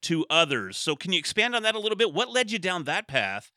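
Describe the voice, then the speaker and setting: A man interviewing a guest, leading into his questions in a measured way. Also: high-pitched, very animated, sharp tone, no room sound, studio quality.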